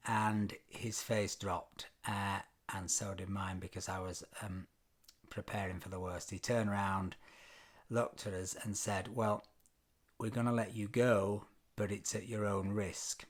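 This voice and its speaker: A British man vlogging, telling a travel story casually with frequent ums and wry self-deprecating asides. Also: lowish voice. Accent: British English. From Britain.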